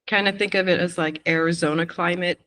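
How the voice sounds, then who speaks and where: A woman from Quebec, Canada, talking as a missionary guest in a casual interview, easygoing and quick to laugh, pausing with "um". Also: lowish voice, fairly even intonation, fairly bright tone. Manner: easygoing, laughs often, pauses with "um".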